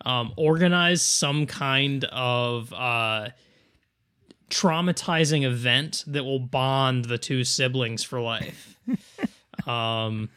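Man, slow talker, smooth clear voice, bright tone, casual comedic chat, lays out joke ideas. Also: mid-range voice. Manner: slow, measured, building elaborate joke premises.

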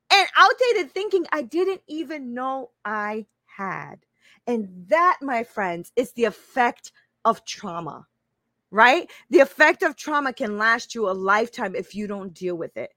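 High, bright-voiced woman in her fifties. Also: no room sound. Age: 50s. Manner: emphatic, repeats phrases, keeps asking "right?". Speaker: life coach hosting a live stream. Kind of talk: casual motivational live-stream talk.

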